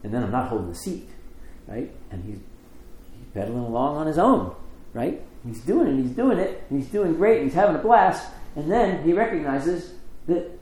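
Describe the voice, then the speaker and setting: A middle-aged man preaching a sermon, telling the story with lively acted quotes and conversational asides. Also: a little high, moderate pace, roomy sound, rough recording. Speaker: pastor.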